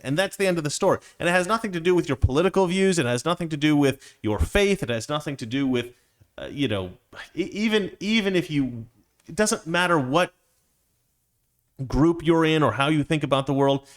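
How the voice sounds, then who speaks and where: A man hosting his own show, delivering a rambling opinion monologue full of restarts and digressions. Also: a little high. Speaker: show host.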